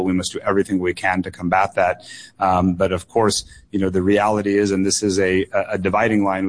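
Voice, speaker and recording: A young adult man from the United States, a political candidate answering questions on a call-in radio show, earnest and often restarting his phrases. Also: low-pitched. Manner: earnest, with frequent restarts and repeated words.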